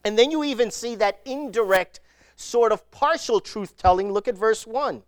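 A preacher giving a sermon, retelling scripture stories in an animated way and acting out the people in them. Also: mid-range voice, moderate pace, dry recording, clean studio sound. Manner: animated storytelling, acting out the scenes.

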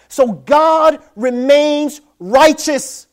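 A man preaching a sermon, animated, swinging from loud emphasis to quiet low asides and acting out little scenes. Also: unhurried. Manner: animated, acts out voices of dads and kids. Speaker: pastor.

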